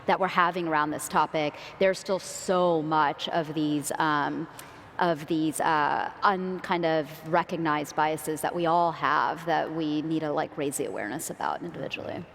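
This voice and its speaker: A woman's voice: low-pitched, moderate pace, creaky, a bit bright. A woman speaking on a conference panel, earnest, with frequent "like" and "um". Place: large conference hall. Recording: reverberant hall, faint noise.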